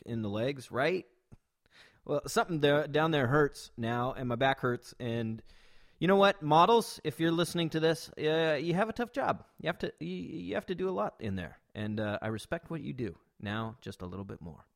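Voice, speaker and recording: A man hosting a podcast from a backyard studio, talking loosely and enthusiastically with lots of fillers and some swearing. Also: mid-range voice. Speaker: podcast host. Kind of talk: casual podcast chat with sponsor reads.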